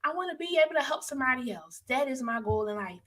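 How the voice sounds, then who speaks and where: A woman hosting a motivational live stream, talking warmly and emphatically with preacherly bursts of emphasis. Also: high voice, lively intonation, quick pace. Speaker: host.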